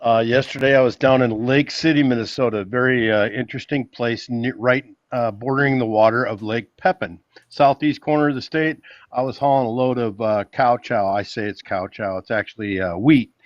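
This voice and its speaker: A man talking in a relaxed, hesitant way, with many fillers, as a guest on a live stream. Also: medium pitch, moderate pace, dry recording, muffled recording. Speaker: truck driver guest. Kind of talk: casual chat on a call.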